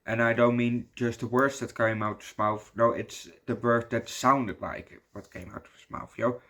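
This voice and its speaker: Young Dutch-accented man, casual rambling movie reviewer, swears freely, medium pitch. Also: fairly even intonation, moderate pace, bright, forceful tone. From Netherlands. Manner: rambling, swears a lot, says "yo" often.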